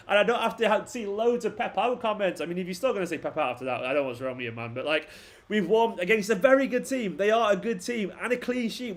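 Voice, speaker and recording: Young man ranting at football. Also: high-pitched. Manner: frustrated ranting, swearing, talking to the players on screen. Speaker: fan channel host. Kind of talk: live football watchalong commentary.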